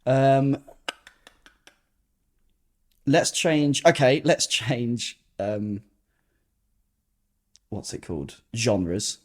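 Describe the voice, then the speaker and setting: Young male co-host, casual rambling chat, mid-pitched, unfinished sentences. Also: lively intonation, drawn-out words, long pauses. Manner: chatty, trails off mid-sentence, says "mate". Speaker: podcast co-host.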